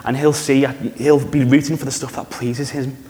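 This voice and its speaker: A man preaching a sermon in a church, conversational and animated, often asking the congregation questions. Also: medium pitch, moderate pace. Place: church hall. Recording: reverberant church hall.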